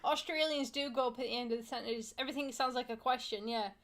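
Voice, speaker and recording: A woman with a high voice chatting on a casual livestream. She rambles and giggles, tripping over her own restarts as she goes. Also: steady tone, fast talker, fairly bright tone. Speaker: streamer co-host.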